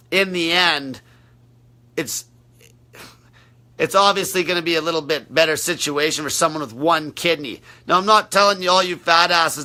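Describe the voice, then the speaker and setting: A man's voice: fairly high pitch, sharp tone. A man coaching on a livestream, answering viewer questions in a brash, blunt, profane way.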